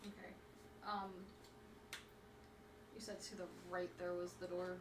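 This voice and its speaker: A woman at a tabletop game talks through her choices in a casual, halting way. Her voice sits at mid pitch and echoes with a faint hiss. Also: flat delivery. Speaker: player. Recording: echoey room.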